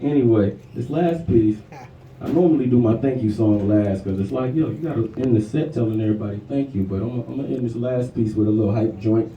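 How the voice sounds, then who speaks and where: A man's voice: medium pitch, fairly quick, highs cut off, a little hiss or hum. A man who raps, talking to a live audience between songs in a casual, slangy way. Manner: laid-back, slangy, conversational. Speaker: rapper performing live. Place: live music venue. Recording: echoey room, mic at a distance, music behind.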